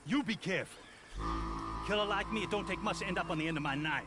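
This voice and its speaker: An actor playing a cantankerous, boastful old former gunslinger who speaks in a gruff drawl and flies into rages, in a video game. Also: male voice, sits high, fast, loud music behind the voice, close to an everyday voice. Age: older.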